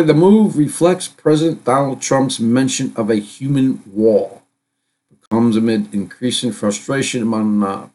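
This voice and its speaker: A middle-aged man talking at a medium pitch, hosting a live stream. He reads headlines aloud and drifts into loose commentary, stopping and restarting his sentences with plenty of fillers. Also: a little mellow. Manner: rambling, halting, many fillers and restarts. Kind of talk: casual commentary reading news.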